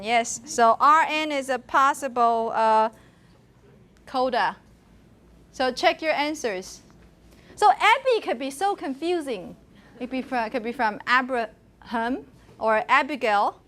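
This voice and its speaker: High-voiced woman lecturing a class. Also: pushed and bright. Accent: Taiwanese. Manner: chatty, laughs often, asks the class questions. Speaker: university lecturer.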